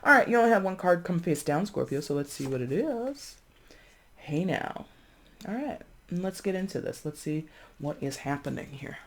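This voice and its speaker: Casual tarot reader, chatty and expressive, loose delivery with fillers, talks to viewers as friends. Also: mid-range voice, moderate pace. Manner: breezy, addresses viewers as friends. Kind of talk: casual tarot reading to camera.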